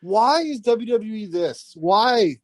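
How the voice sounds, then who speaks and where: A woman guesting on a casual review podcast, talking in an animated, exasperated rant. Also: on the high side, slow, no echo. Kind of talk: casual wrestling review chat.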